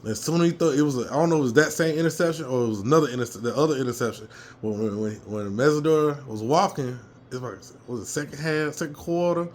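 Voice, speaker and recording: A man telling a fired-up story from a football game he attended, his voice a little hoarse, swearing freely and jumping into loud reenactments. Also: medium pitch, fast, a little hiss or hum. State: slightly hoarse. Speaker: fan commentator. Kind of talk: casual fan rant.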